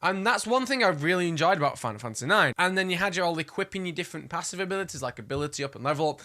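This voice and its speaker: A man's voice: a little high, animated, racing, pushed and bright. A man chatting casually as a gaming vlogger, enthusiastic and gushing, with playful asides. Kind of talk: casual chat.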